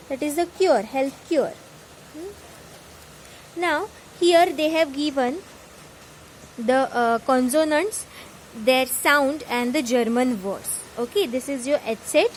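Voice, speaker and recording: High-voiced woman tutor, Indian English accent. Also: slow, a little hiss or hum, rough recording. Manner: reads each word then glosses it in English. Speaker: German tutor. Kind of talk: reading vocabulary with translations.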